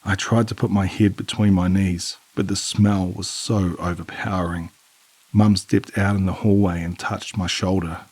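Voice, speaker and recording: A man giving a measured, somber scripted narration of a horror story on a close mic. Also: low voice, level tone, darkish tone, breathy edge, dry recording.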